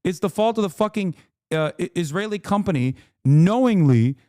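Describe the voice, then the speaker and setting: A man's voice: high voice, expressive, normal speed, mellow, dry recording, clean studio sound. A man hosting a livestream, losing his voice, giving heated, profane and exasperated reaction commentary into a desk mic. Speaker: livestream host.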